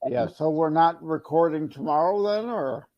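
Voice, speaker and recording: A man co-hosting a podcast, chatting casually with a halting manner. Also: fairly high pitch, dull audio. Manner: halting, laughs a lot. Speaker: podcast co-host.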